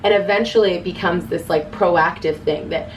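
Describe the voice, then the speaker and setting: A woman's voice: lowish voice, moderate pace, a little hiss or hum. Earnest chatty young woman, distant mic. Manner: earnest, chatty, quotes her own inner voice. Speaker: self-love vlogger. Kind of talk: casual advice to camera.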